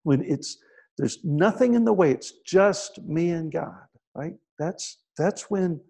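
Slow, animated, and on the high side, this man's voice is creaky and husky as he preaches. He narrates scripture stories conversationally, frequently asking "right?", and drops to a hushed voice for quiet moments.

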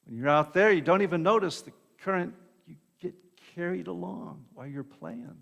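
Pastor preaching in a reverberant hall. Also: male voice, high-pitched, normal speed, gravelly, a bit bright, dull audio. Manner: conversational preaching, frequent "right?" asides and repeated words. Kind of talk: sermon.

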